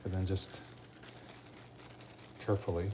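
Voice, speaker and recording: A man's voice: low voice, little pitch movement, measured pace, mellow, a little hiss or hum. Folksy man hosting an outdoor cooking vlog. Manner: folksy, chatty, keeps calling viewers folks. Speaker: cooking channel host.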